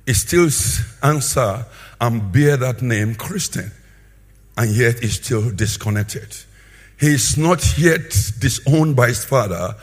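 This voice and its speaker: Husky, emphatic male preacher. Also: lively intonation, takes it slowly. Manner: emphatic, swinging between loud bursts and low asides. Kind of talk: sermon.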